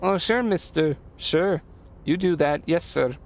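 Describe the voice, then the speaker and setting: A man's voice: on the high side, a little slow, pitched above the performer's own voice. A man voicing a cheerful, chatty male dockworker with a put-on Irish accent and an eager, repetitive, folksy manner. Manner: folksy, repeats himself eagerly. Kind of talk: reading game dialogue aloud in voices.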